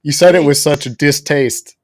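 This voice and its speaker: A man's voice: fairly high pitch, moderate pace, a loud crowd. A man from Wisconsin hosting a casual podcast, teasing his guests in a dry, mock-formal way. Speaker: podcast host. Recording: dry close sound.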